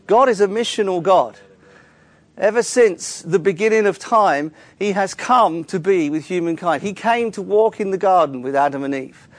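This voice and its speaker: A man's voice: sits high, moderate pace, dry recording. A man preaching a sermon in a church, earnestly explaining scripture with frequent small restarts. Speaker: pastor.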